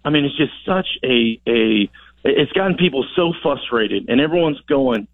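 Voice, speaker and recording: A man speaks over a thin telephone line with no room sound at all. He answers with emphatic, rallying conviction, pressing his points by repeating words. His pitch sits in an ordinary middle range. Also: lively intonation, moderate pace, no echo. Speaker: congressman as phone-in guest. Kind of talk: radio interview answers. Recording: dry tinny phone line.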